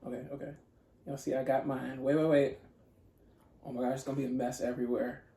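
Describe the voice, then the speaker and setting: A playful mukbang host chats casually between bites, describing each taste in detail and talking straight to the viewers. The voice sits at an ordinary middle pitch. The room around it rings noticeably. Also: little pitch movement, fast talker, dark tone. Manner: playful and chatty, addresses viewers as y'all. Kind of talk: casual chat while eating. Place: home room with dogs nearby. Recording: echoey room.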